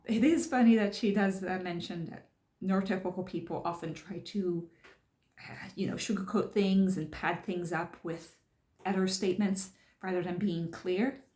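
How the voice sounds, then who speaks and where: A channel host casually comments on a self-help book she's reading, explaining it step by step as she thinks out loud. Her voice is fairly low and warm, with fairly even intonation and normal speed. The recording has a roomy echo.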